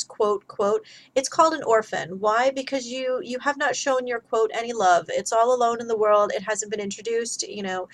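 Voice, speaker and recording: A woman's voice: fairly high pitch, poor audio. A woman teaching a grammar lesson, explaining step by step in a chatty way.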